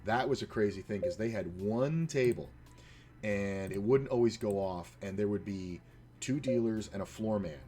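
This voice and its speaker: A man's voice: on the low side, normal speed, mellow, a little hiss or hum. A man, a poker player and former dealer, telling rambling, profane stories full of fillers while he plays online poker. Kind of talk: casual storytelling while playing online poker.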